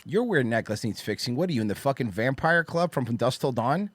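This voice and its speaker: Lively mocking podcast host man. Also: medium pitch, a little fast, no room sound. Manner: mocking, crude, ranting. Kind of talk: casual comedic banter.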